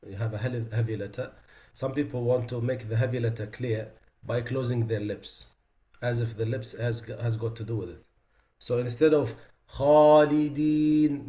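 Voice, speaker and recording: This tajweed teacher has a mellow voice at an ordinary middle pitch, heard in an echoey, reverberant room. He plainly explains each mistake, then demonstrates the difference by elongating example words slowly and emphatically, as a Quran recitation teacher would.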